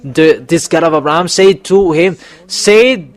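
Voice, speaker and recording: Male preacher, slightly high-pitched, exhorting and repetitive, pushes up hard on warnings. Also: moderate pace, no echo. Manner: emphatic exhorting, voice rising on warnings; repetitive, with fillers and restarts. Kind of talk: sermon.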